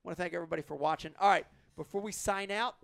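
Bright-voiced high raspy male host. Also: very fast, no room sound. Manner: loose, rambling, laughing. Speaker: show host. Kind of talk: casual live show sign-off.

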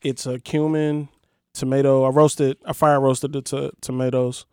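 An easygoing male chef with a smooth, resonant voice, recorded dry and close. He explains his dishes slowly, pausing on lots of ums. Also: mid-range voice, little pitch movement, a little mellow, dry recording. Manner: easygoing, hesitant, many ums. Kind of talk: casual chat.

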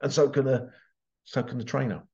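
A man's voice: medium pitch, fairly even intonation, brisk, a little mellow, dull audio. A man telling a story as a parent in a casual motivational talk, acting out the voices of the people in it. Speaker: parent giving life advice.

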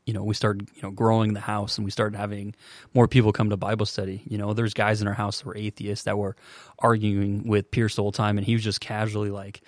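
A man in his twenties, a podcast guest, telling his story in an earnest, halting way with many restarts. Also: fairly low pitch, monotone, dry recording. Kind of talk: casual storytelling.

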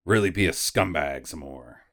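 A man's voice: extremely low pitch, lively intonation, normal speed, fairly bright tone. A man co-hosting a casual movie-review chat, giggling often as he retells scenes with joking asides. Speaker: podcast co-host.

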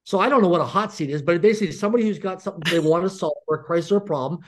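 A man's voice: sits high, racing. A middle-aged man, a podcast guest, telling a story with lots of energy and acting out the dialogue in it. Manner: animated, acts out quoted dialogue.

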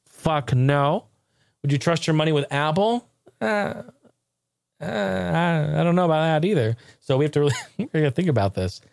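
Male host for a casual tech chat: profane and animated, laughs a lot, slightly high voice, recorded dry. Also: creaky, no room sound.

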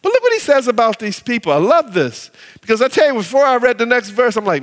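A man's voice: very high-pitched, wildly swooping pitch, fast, hardly any pauses. A man preaching a sermon as pastor, acting out voices of believers as he speaks. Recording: reverberant hall.

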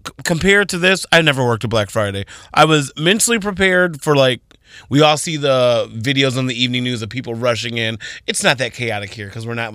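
Bright-voiced man telling a story. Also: medium pitch, no room sound. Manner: animated, dramatic storyteller. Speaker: retail worker guest. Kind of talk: casual storytelling on radio.

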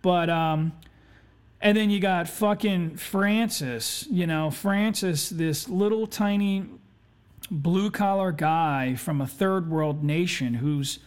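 A man's voice: sits high, takes it slowly, smooth. A man hosting a podcast, telling a story in a laid-back, chatty way, swearing constantly and saying "you know" a lot. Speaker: podcast host. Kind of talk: casual storytelling.

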